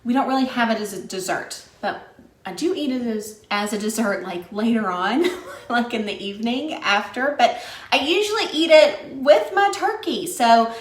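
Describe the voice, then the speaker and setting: A woman's voice: fairly high pitch, expressive, normal speed. A woman from West Virginia hosting a live cooking stream, chatting with viewers in an upbeat way and laughing often. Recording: echoey room sound.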